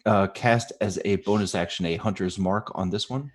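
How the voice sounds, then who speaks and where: A man with a notably low voice plays a tabletop game, calling out his dice rolls and damage. He talks in a relaxed, slightly halting way, with fillers between his numbers. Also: noisy background. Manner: easygoing, slightly hesitant, reading out rolls. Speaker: player. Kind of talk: casual tabletop game play.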